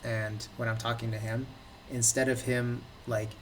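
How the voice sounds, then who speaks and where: A man's voice: medium pitch, flat delivery, moderate pace, fairly bright tone. A man in casual podcast chat, explaining things in a loose, lecturing way full of "like" and "um". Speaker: podcast co-host. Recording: distant mic with faint background noise.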